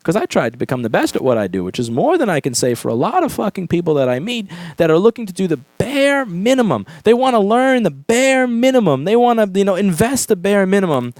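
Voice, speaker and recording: Ranting repair-shop YouTuber, male, swears a lot, pitch jumps around, dry sound. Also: sing-song, brisk, few pauses, a little mellow, no room sound. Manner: emphatic, profane, repetitive. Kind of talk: ranting vlog monologue.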